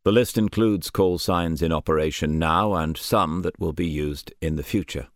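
A man's voice: deep voice, moderate pace, no echo, studio quality. A man voicing an earnest male German officer who has defected, answering guardedly in an audiobook.

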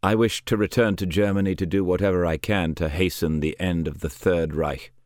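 A man's voice: low voice, steady tone, brisk, a little mellow, dry recording, studio quality, close to an everyday voice. A man voicing an earnest male German officer who has defected, answering guardedly in an audiobook.

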